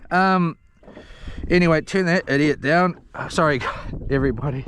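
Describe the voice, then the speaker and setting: Excitable high-voiced man on a boat. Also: moderate pace, pauses often, a little hiss or hum. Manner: excitable and scattered, with frequent restarts and mild cursing. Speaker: fishing vlogger live streaming. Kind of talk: rambling live-stream chat. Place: outdoors on a small fishing boat in the rain. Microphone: action camera.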